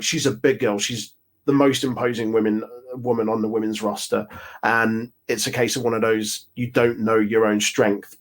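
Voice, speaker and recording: A man from Coventry in England, with a Midlands accent, talks wrestling as a guest from his home office. His voice sits on the low side, and he is easygoing and measured, with frequent laughs between points. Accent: English Midlands. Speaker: podcast guest. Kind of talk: casual wrestling chat.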